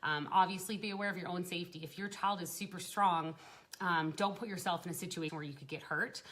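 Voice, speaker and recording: Young mom, lowish voice, casual live-stream talker, lots of fillers and laughs. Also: female voice, fairly even intonation, quick pace, fairly bright tone. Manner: chatty, laughs often, many fillers and restarts. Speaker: parenting group host.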